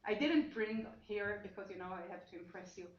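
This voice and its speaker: A woman with a mid-range voice and lively intonation presents her research at an academic seminar, talking a little fast. She explains as she goes, thinking aloud and often reworking or restarting sentences mid-thought. The echoey room gives her voice a dull, muffled tone, with a faint hiss behind it.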